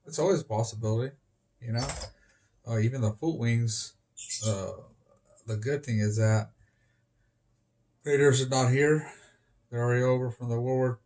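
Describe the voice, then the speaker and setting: A man's voice: medium pitch, a little mellow. A man being interviewed outdoors on the street, talking in a rambling, disjointed way that jumps between topics.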